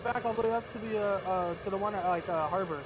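A man on voice chat with a streamer during a game, quick and chatty, laughing at his teammates. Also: sits high, dull audio, background noise.

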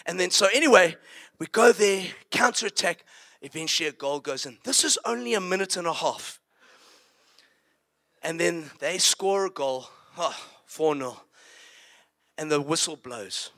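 A man preaching, telling a story in an animated way and acting it out. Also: fairly high pitch, unhurried, pauses often. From South Africa. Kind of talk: sermon storytelling.

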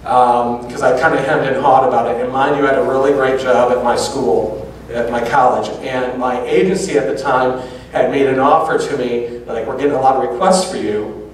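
A man's voice: medium pitch, moderate pace, far from the mic, a little hiss or hum. Man telling a story in an echoey hall. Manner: animated anecdotes with quoted dialogue. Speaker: public speaker. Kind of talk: storytelling lecture. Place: large auditorium.

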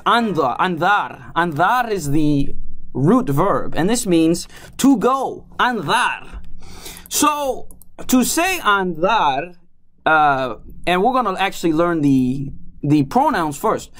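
A language teacher giving a casual lesson, slowly repeating words and drilling pronouns. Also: medium pitch, a bit bright. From Louisiana.

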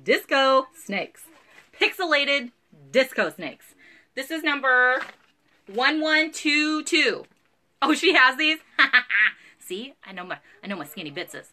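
A woman's voice: high voice, very animated, slow pace, sharp tone. A woman, chatting bubbly and giggly through a live online clothing sale from home. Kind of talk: live sales stream chat.

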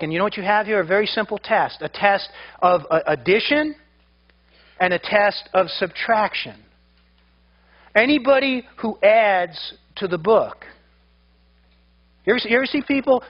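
A man's voice: sits high, normal speed, pauses often, lo-fi sound. A man preaching a sermon as pastor, emphatic and often repeating his words as he builds a point.

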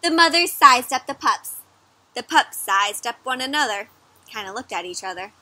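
A young woman reading a picture book aloud for children, animated, often pausing to ask her listeners questions. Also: on the high side, no echo. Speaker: children's storyteller. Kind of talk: interactive read-aloud for kids.

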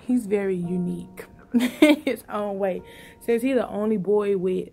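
A woman's voice: mid-range voice, vocal fry, mellow. A woman talking casually and emotionally to her vlog viewers, rambling in slangy speech from a car. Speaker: vlogger.

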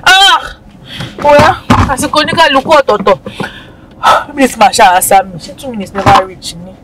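A woman with a Nigerian accent acting a ride-hailing driver, expressive and gossipy, switching between Yoruba and pidgin. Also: fairly high pitch, fast talker, very noisy. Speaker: comedy skit creator playing a ride-hailing driver. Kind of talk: comedy skit acting.

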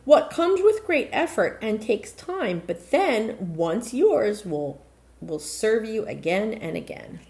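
A woman voicing a kind, humble young servant girl in a storybook, earnest and gentle. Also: mid-range voice, very animated, takes it slowly, gravelly, pitched above the performer's own voice, full character voice.

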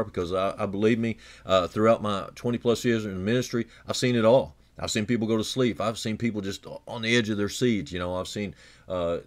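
A male pastor delivers a radio sermon in an earnest, conversational way, often restarting and repeating words. He raises his pitch for emphasis, then drops low and quiet.

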